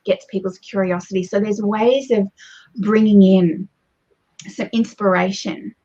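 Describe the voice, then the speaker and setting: A woman, a guest coach speaking in animated conversation, shifting her pace and loudness as she explains. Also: mid-range voice, a little slow. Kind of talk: conversational advice. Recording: dull, muffled lo-fi audio.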